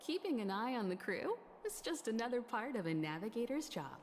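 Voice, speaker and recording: A woman's voice: on the high side, big pitch swings, brisk, slight background noise. An actress playing a poised, composed female ship navigator in a game. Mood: amused.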